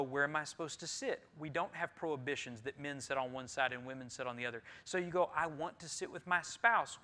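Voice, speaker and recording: Male pastor, bright tense voice a bit high for a man, preaching, swings loud to hushed. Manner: swings from loud emphatic preaching to quiet earnest talk. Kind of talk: sermon. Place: church sanctuary.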